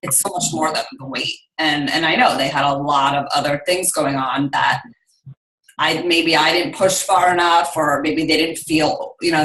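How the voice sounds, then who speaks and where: Low-voiced woman in an echoey room. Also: fairly bright tone. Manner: hesitant, many fillers and restarts. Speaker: health coach. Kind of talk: casual chat.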